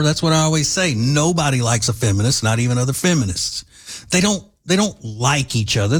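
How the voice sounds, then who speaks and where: A middle-aged man hosting an opinionated talk show, sarcastic and emphatic. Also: medium pitch. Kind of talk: opinionated radio commentary.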